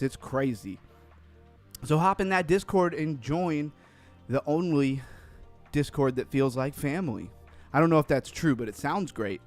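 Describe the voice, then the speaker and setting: A man's voice: medium pitch, darkish tone. A man hosting a casual crypto livestream, upbeat and rambling, a little out of breath after cardio. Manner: upbeat, reads chat names aloud, rambling. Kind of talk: casual live-stream chat.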